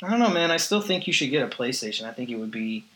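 A man's voice: medium pitch, very animated, fast, pushed and bright. A man hosting a casual podcast, joking sarcastically and swearing as he talks. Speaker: podcast host.

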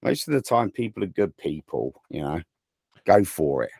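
A man with an English accent co-hosting a podcast, joking and telling stories in a playful, animated way. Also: low voice, moderate pace, vocal fry, breathy edge, no echo, studio quality. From England. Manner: playful, jokey, animated storyteller. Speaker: podcast co-host. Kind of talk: casual podcast banter.

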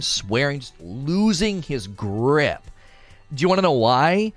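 In a fairly high-pitched voice, a young man tells a casual story about a furious customer, acting out each voice and laughing a lot. The recording has no echo.

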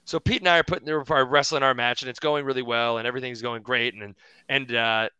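A young man, a pro wrestler guest on a podcast, telling stories in an animated way, with lots of restarts and laughs. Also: medium pitch, a little fast, smooth, no room sound, highs cut off. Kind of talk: casual podcast chat.

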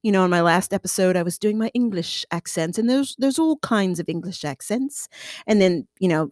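A woman's voice: medium pitch, very animated, brisk, a little mellow, no room sound. Chatty American woman, dry close sound. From United States. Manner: chatty and playful, drops into accent impressions. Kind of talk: casual solo monologue.

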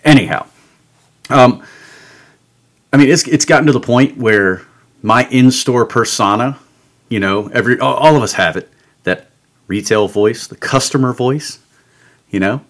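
A man at ordinary pitch holds forth as a podcast host, cursing freely through an exasperated, comic rant. His delivery is sarcastic and indignant. He sounds like he's venting to regular listeners. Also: unhurried, long pauses, fairly bright tone. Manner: angry, sarcastic, swears constantly. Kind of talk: profane comedic rant. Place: home studio.

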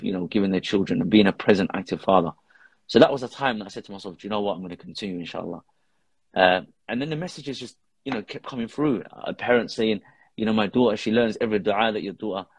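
A fairly low, slightly rough voice belongs to a father who posts videos with his daughter, telling an earnest personal story as a podcast guest. He weaves Arabic religious phrases into the casual conversation, and the recording is dry.

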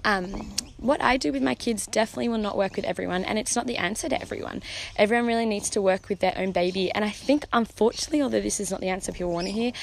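A woman's voice: medium pitch, gravelly, slight background noise. Earnest young mother talking casually. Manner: earnest and encouraging, many fillers like "um" and "like". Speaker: podcast host, mother. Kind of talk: casual heartfelt talk.

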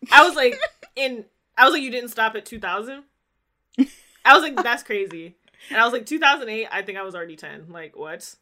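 A young woman in her twenties with a bright, forceful voice, chatting casually with a friend. She tells stories with animation and slips into the voices of the people she quotes. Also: a little high, big pitch swings, quick pace. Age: 20s. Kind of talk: casual chat.

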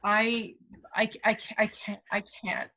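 A woman from Canada co-hosts a casual doula podcast. Her voice is bright and clear, and she talks in a lively, self-deprecating, chatty way. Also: mid-range voice, slow, a little hiss or hum. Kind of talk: casual chat.

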